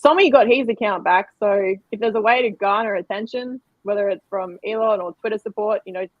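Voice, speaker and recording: A woman's voice: medium pitch, fairly quick, dry recording. A woman with a thick Australian accent hosting a casual livestream chat, talking through many fillers. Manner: warm, grateful, rambling with fillers. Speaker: livestream host. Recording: dull dry stream audio.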